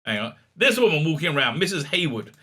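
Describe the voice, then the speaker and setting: A man's voice: a little high, sing-song, quick pace, pushed and bright, husky. Rambling, sarcastic middle-aged man reviewer. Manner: rambling, sarcastic, full of hesitations. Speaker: show recap reviewer. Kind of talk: casual review commentary.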